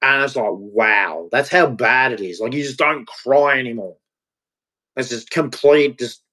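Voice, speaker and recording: A man in a confessional vlog monologue, speaking in a halting, repetitive way and swearing freely. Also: mid-range voice, bright, forceful tone. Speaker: vlogger.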